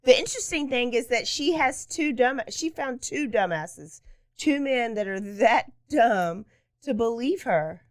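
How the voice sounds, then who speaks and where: A woman co-hosts a true-crime chat, cutting in with blunt, sarcastic comments. Her voice sits a little high. She is recorded dry, with no room around her. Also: lively intonation, unhurried, dry recording. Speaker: podcast co-host.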